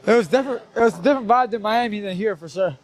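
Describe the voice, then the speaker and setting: A young male boxer with a very high voice talks fast in a rambling, confrontational way after a fight. He is defensive and quick to pick an argument with the interviewer.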